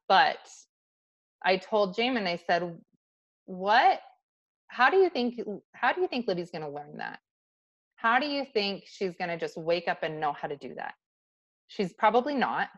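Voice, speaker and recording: A woman's voice: fairly low pitch, fairly bright tone, highs cut off. A woman in her thirties hosting a livestream, talking candidly and casually to her viewers with many restarts. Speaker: host of a livestream talk. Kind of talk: casual talk to a live audience.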